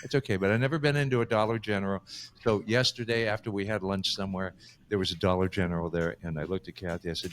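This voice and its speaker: A man's voice: low voice, steady tone, quick pace, a little hiss or hum. Chatty storytelling man, laughing often. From Southern California. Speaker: podcast co-host. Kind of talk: casual chat.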